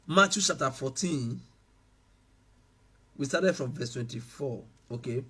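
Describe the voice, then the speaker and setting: A man preaching a sermon, swinging between loud shouted passages and quiet asides. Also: mid-range voice, lively intonation, unhurried, husky. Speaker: pastor.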